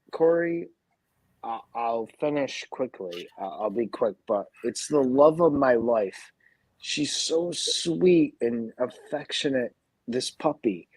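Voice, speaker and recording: A man's voice: medium pitch, a little mellow, husky, no room sound, low-quality recording. A drunk man telling a rambling, profane story in casual livestream chat.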